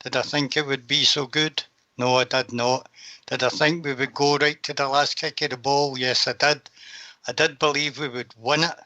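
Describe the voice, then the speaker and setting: A man's voice: medium pitch, flat delivery, normal speed, bright, forceful tone, muffled recording, a little hiss or hum. An older man, a panelist on a fan call-in show, talking in a heartfelt, rambling way with slips. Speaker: guest panelist. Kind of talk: casual chat.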